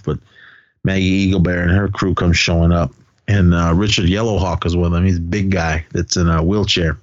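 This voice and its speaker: Male podcast co-host, low voice, casual rambling movie recap, dry lo-fi sound. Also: no echo. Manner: retells scenes with quoted lines and laughs. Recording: dull lo-fi podcast audio.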